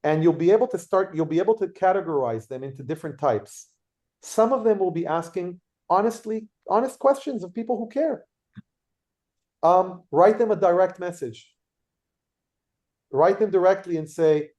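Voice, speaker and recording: A man leading a workshop, telling lively anecdotes and acting out quotes. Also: high voice, normal speed. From Israel. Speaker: workshop leader. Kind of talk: workshop talk with storytelling.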